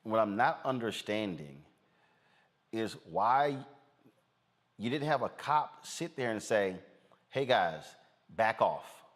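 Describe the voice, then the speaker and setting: Low-voiced male news host. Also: big pitch swings, slow, long pauses. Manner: direct, addresses viewers as folks, frequent fillers. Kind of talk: live news commentary.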